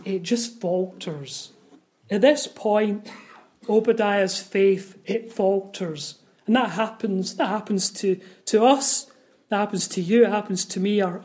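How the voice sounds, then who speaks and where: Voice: medium pitch, darkish tone. Earnest preacher asking rhetorical questions. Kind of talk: sermon on a Bible passage.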